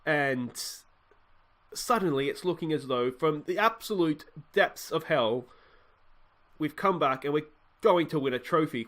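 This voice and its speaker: A young Australian man hosting a let's play, thinking aloud and getting excited as he commentates a football management game. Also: on the high side, a little slow. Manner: excitable, thinking aloud while clicking through a match.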